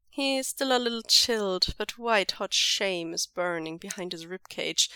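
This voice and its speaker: A woman narrating fan fiction aloud in a steady, measured storytelling read. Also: medium pitch, dry recording, studio quality. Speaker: podfic reader.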